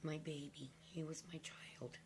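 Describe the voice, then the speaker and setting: An older woman with a low, hoarse voice that has almost given out, rasping through a slow, meandering vlog at home. She talks to camera casually and from the heart, with hesitant ums as she goes, and a faint hiss sits under her. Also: little pitch movement. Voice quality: raspy. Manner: rambling and heartfelt, with hesitant fillers. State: hoarse, nearly lost voice. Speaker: vlogger.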